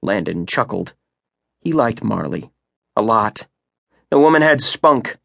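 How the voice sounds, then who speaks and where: A man narrating an audiobook thriller in a steady, measured way. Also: lowish voice, creaky, no echo, studio quality. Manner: steady, measured, rising for action beats. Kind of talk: scripted narration.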